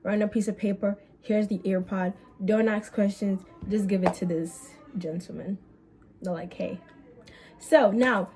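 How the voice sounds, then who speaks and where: A young woman vlogger telling a story in casual chat, animated and swearing, with quick bursts and drawn-out words. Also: medium pitch.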